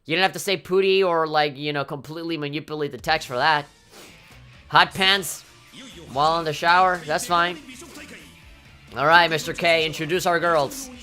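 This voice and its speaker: A low-voiced woman does casual let's play commentary over gameplay. She's animated and swears often, breaking into mock-indignant outbursts.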